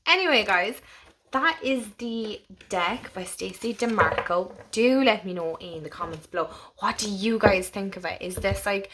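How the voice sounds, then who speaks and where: A young Irish woman chatting casually as she walks through a tarot deck, gushing and laughing, sometimes dropping to a soft whisper. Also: medium pitch, normal speed, slight background noise. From Ireland. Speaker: tarot channel host.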